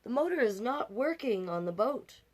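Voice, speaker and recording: A woman's voice: on the high side, sing-song, moderate pace, pitched above the performer's own voice. A woman voicing a doubtful old grandfather in a storybook reading, in a plain questioning tone.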